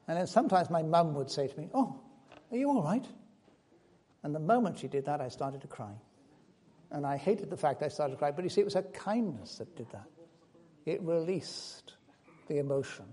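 A middle-aged man preaching a sermon, earnest, moving between loud urgent passages and hushed soft ones. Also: fairly high pitch.

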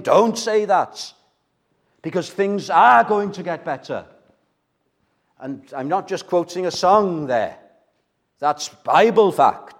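A man's voice: high voice, expressive, slow pace, pauses often. Older man preaching with emphatic repetition. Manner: emphatic, repeats key phrases for weight; direct, asks the congregation questions. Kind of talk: sermon.

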